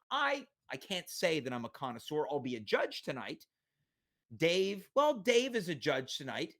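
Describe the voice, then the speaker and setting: A man's voice: high voice, a bit bright. A man hosting a comedic talk show, playful, with big announcer-style build-ups. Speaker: host.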